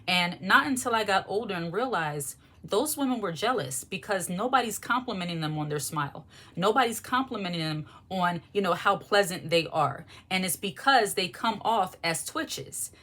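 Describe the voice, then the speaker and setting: A woman's voice: mid-range voice, animated, moderate pace, hardly any pauses, bright, forceful tone. A woman vlogger giving frank, emphatic advice in a loose, conversational monologue. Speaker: lifestyle vlogger. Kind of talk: candid monologue to camera.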